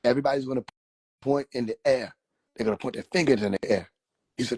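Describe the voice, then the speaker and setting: A man's voice: medium pitch, wildly swooping pitch, a little slow, pauses often, warm tone, breathy edge, no room sound, studio quality. A man telling a loose, profane story on a phone livestream, laughing often as he talks. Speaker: livestream host.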